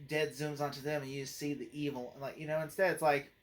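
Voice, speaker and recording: Brisk and high-pitched with little variation, this critic reviews a movie informally for the channel he hosts. His talk wanders from point to point, peppered with "like" and "you know," and he readily breaks into laughter.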